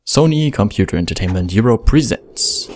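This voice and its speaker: A man from Germany with a German accent, giving relaxed, self-deprecating commentary while playing a video game. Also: fairly low pitch, normal speed. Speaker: let's play gamer. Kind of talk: casual gameplay commentary.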